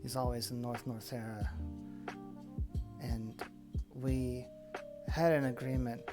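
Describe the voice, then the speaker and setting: A man voicing a shaken, secretive woman who speaks haltingly. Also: medium pitch, flat delivery, loud music behind the voice, lightly acted. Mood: uneasy. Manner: halting, hesitant delivery. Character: shaken middle-aged woman, secretive and uneasy.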